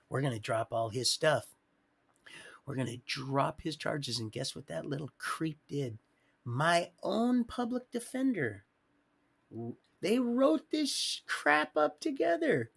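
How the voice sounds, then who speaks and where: A man telling a rambling personal story on a livestream, animated, swinging between loud outbursts and quiet asides and acting out what others said. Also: on the high side, gravelly, breathy edge. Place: home livestream setup.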